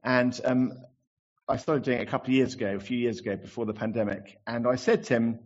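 A man's voice: medium pitch, fairly even intonation, fast talker, lo-fi sound. A man preaching a sermon, chatty and self-deprecating, with many fillers as he tells anecdotes. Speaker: pastor.

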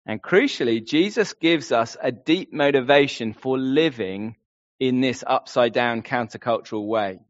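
A man's voice: medium pitch, a little slow, dry recording. A man preaching a sermon in an earnest way, often putting questions straight to his listeners. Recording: slightly dull lo-fi sound.

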